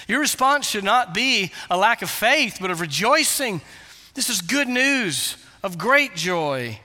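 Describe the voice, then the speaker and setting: A man's voice: high voice, sing-song, a little slow, pushed and bright, in a large hall. A male pastor preaching a sermon, earnest and explanatory, with emphatic repetitions.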